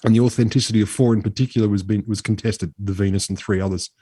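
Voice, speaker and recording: A man's voice: on the low side, fairly even intonation, quick pace, warm tone, breathy edge, no echo, clean studio sound. A man co-hosting a podcast, telling a story in a chatty, swearing, casual way. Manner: chatty, swears freely, drops into mock voices. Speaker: podcast co-host.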